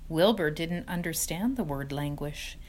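A woman narrating a children's book chapter in an expressive storytelling voice. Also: low voice, measured pace. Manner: expressive, sing-song storytelling. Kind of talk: storybook reading.

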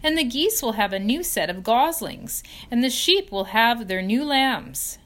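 An innocent, eager young pig, voiced by a woman reading a storybook aloud. His voice sits high and bounces with wonder. Every question comes out bright and hopeful. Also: huge pitch swings, normal speed.

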